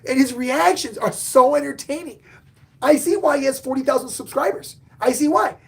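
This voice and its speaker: A man hosting a casual live-stream sports talk show, excitable, swinging between loud outbursts and muttered asides. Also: very high-pitched, normal speed, creaky. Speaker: podcast host and sports fan; bartender.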